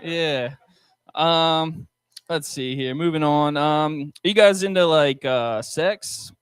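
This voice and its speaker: A young man doing a stand-up set with crowd work on a restaurant stage, talking haltingly with many ums and likes into a handheld mic. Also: on the high side, clean tone, no echo. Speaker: stand-up comedian.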